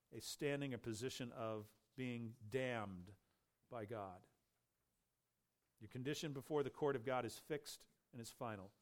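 A man delivers a sermon with emphatic stress, his voice rising on questions and sinking low on key words.

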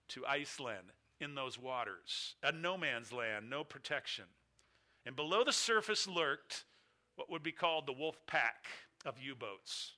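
Middle-aged guy preaching, tells it like a story, repeats for punch, bright sharp voice. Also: a little high. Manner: storytelling, emphatic repeated phrases. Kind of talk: sermon illustration.

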